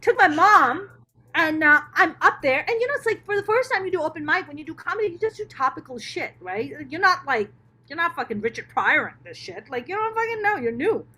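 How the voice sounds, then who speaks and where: A middle-aged woman, a stand-up comedian, telling her life story as a podcast guest in a candid, profane, animated way. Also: extremely high pitch, fairly quick. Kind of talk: casual interview storytelling.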